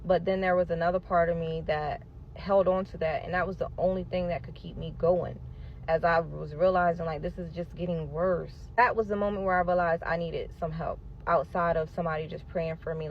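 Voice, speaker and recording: A woman telling her own story in a casual storytime monologue, emphatic and animated, acting out what people said and talking straight to her listeners. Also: on the low side, fairly quick, lo-fi sound, a little hiss or hum. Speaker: storyteller sharing a personal testimony.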